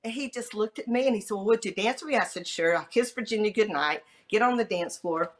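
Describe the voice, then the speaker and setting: A middle-aged woman guest on a podcast, telling a personal story in a lively way and acting out the quoted dialogue. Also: fairly quick. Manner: lively, acts out quoted dialogue with pitch jumps.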